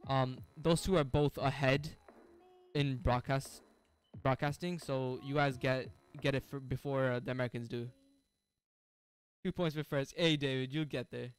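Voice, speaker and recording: A man's voice: medium pitch, fairly even intonation, normal speed, clean tone. A young man streaming a game live, chatting casually with viewers, full of slang, frequent laughs and restarts. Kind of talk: casual live-stream chat while gaming.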